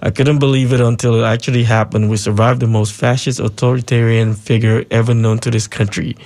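A man hosting a call-in radio show, reading out listener texts and taking calls, relaxed and loose with frequent ums. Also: mid-range voice, a little fast. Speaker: radio talk show host.

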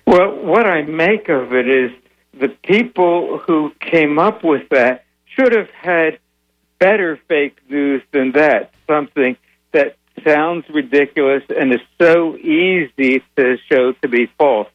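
An older man as a radio interview guest, answering in a measured way with many pauses and a dry humor. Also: on the high side, lo-fi sound. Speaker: guest, founder of a secular advocacy group.

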